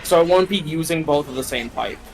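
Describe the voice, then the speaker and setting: A man's voice: a little high, brisk, a little hiss or hum, rough recording. A man chatting casually with a friend while gaming, swearing often and restarting his sentences. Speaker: co-streamer friend.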